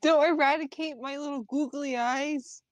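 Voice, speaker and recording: A woman's voice: high voice, steady tone, moderate pace, dry recording. A woman playing a tabletop game with friends, playful and giggly. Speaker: player. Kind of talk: casual tabletop game chat.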